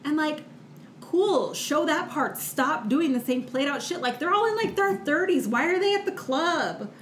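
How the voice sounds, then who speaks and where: A woman co-hosting a podcast in casual chat, animated and quick to laugh, peppering her talk with "like.". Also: high voice. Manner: chatty, animated, laughs often, says "like" a lot. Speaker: podcast co-host. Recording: echoey room with faint noise.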